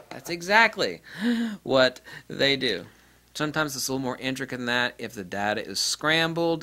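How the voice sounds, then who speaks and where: A man giving an off-the-cuff repair tutorial, blunt and profane, ranting and mimicking people in high-pitched quotes. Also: sharp tone. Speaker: DIY repair presenter.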